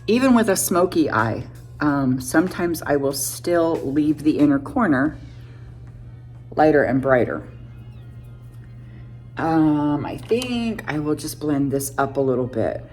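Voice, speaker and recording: A beauty vlogger in her fifties, with a notably low voice, chats through a makeup tutorial and narrates each step. She's casual, a bit self-deprecating, and animated, speaking at a measured pace with long pauses while soft music plays faintly behind her.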